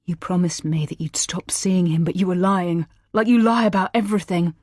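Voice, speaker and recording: A woman's voice: on the low side, fairly even intonation, normal speed, darkish tone, dry recording, studio quality, lightly acted. A woman reading a young man's lines, bitter, accusing and tearful. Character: young man, desperate, furious and grieving.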